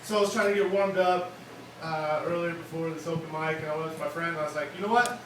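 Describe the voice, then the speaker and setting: Young male comic, slightly high voice, rambling delivery, echoey bar room. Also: flat delivery, quick pace. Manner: rambling, self-deprecating, lots of fillers. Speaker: open mic comedian. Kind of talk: stand-up comedy set. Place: wine bar open mic. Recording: echoey room, distant mic, bar noise.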